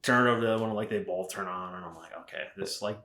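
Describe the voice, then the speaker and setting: A low-pitched man tells a long, winding story in a loose, swearing, conversational way. He is a middle-aged guest on a podcast. The room around him rings with a noticeable echo. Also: very fast, sharp tone. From Arizona, USA. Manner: profane, rambling storyteller with frequent fillers. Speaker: podcast guest, rifle company founder. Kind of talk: casual chat. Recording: roomy echo.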